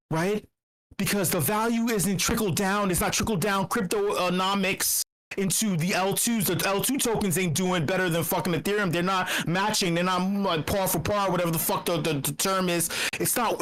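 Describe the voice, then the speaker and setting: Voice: medium pitch, a bit bright, rough recording. A meetup host ranting in casual commentary. They ramble, swear and stammer through repeated words, with a sarcastic, irreverent edge.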